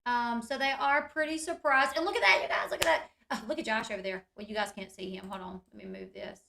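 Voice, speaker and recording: A woman's voice: on the high side, fairly even intonation, fast, creaky, sharp tone. A woman talking straight to her viewers in a casual, chatty recap, full of "like" and "you guys". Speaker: reality TV recap YouTuber. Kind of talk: casual reality-show recap.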